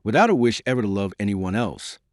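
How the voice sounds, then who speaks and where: A man's voice: fairly low pitch, sing-song, fairly quick, no room sound, clean studio sound. A man voicing a desperate, devoted young woman, pleading through tears in an audiobook reading. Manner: pleading, emotional.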